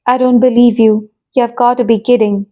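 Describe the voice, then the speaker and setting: A woman reading an English vocabulary lesson as short phrase pairs, with a pause after each phrase. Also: on the high side, level tone, dark tone. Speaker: English teacher. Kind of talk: slow scripted vocabulary lesson.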